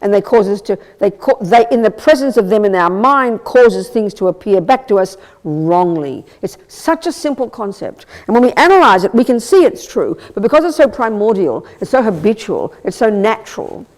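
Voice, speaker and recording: A Buddhist nun giving a live teaching, talking in an animated, emphatic way with rhetorical questions, wry blunt asides and stammered restarts. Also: female voice, mid-range voice, moderate pace, hardly any pauses. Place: teaching hall at a Buddhist centre.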